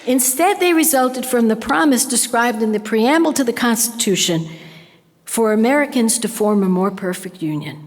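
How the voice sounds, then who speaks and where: An older woman giving an impassioned public lecture, speaking with emphatic conviction. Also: a little high. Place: lecture hall. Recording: long hall reverb.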